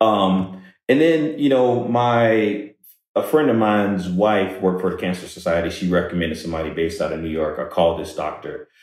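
A man telling a personal story in conversation, halting and repeating words as he goes. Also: low voice, darkish tone. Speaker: guest speaker on workplace diversity. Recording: very echoey room.

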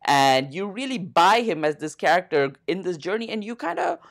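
Man with deadpan sarcastic praise. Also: high voice, normal speed, creaky. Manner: earnest-sounding, sarcastic praise. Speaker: podcast co-host. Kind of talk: comedic debate podcast.

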